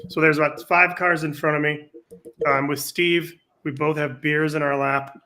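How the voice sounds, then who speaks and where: A man's voice: on the high side, flat delivery, normal speed, sharp tone. Rambling male storyteller on a podcast. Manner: rambling anecdotal storyteller, frequent profanity. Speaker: podcast guest. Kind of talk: casual podcast chat, storytelling.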